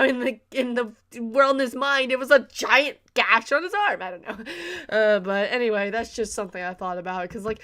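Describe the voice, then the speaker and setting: A young woman talks through an anime episode in a relaxed video review. Her voice sits fairly high and comes across bright and sharp. She sounds excitable and giggly, jumping into little acted-out reactions as she goes. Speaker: anime reviewer, channel host.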